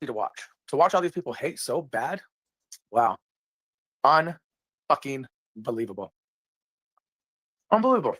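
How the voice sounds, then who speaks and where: A man's voice: medium pitch, sing-song, unhurried, pauses often, fairly bright tone, husky, no echo. A man talking indignantly on a livestream, repeating himself. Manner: indignant, repetitive. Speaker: streamer. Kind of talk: livestream rant.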